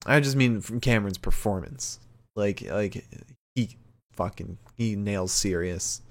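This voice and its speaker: A man's voice: fairly low pitch, measured pace. A man hosting a podcast, casually recapping a show with loose, rambling speech. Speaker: podcast host recapping wrestling. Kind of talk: casual chat.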